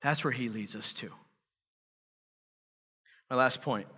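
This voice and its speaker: A man's voice: medium pitch, slow pace, sharp tone, slightly rough. A man preaching a sermon as pastor, emphatic and building to fervent urgency. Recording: church hall reverb.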